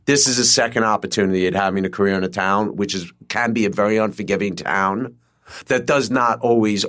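Animated swearing man telling stories. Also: lowish voice, a little fast. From New York. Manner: animated storyteller, heavy swearing, acts out quotes. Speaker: guest screenwriter. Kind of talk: casual podcast chat.

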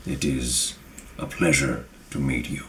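A man playing Gravekeeper Maka, deep and solemn. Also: steady tone, bright, forceful tone, slight background noise, full character voice. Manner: slow, grave, measured delivery.

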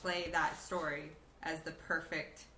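A woman's voice: low voice, flat delivery, measured pace, bright, forceful tone, slight background noise. A woman comedian guest chatting enthusiastically about telling stories. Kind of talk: casual chat. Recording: roomy hotel room with ambience.

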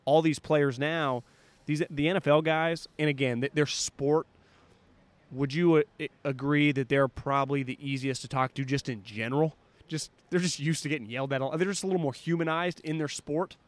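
A man's voice: a little high, moderate pace, no room sound. A man co-hosting a sports podcast, telling anecdotes in casual chat and acting out what people said. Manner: animated storyteller, acts out quotes. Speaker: podcast co-host.

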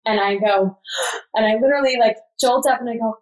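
A woman's voice: a little high, brisk, poor audio. A woman in her thirties recounting a personal story in casual chat as a podcast guest. She talks animatedly, with many "like" fillers. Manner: animated, filler-heavy retelling with frequent "like".

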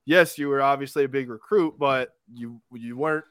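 A casual interviewer winds through loose, joking questions, restarting and padding with "like" as they go. The voice sits at a middle pitch and is recorded close and dry. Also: moderate pace, smooth, dry recording. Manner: rambling, joking questions with many "like".

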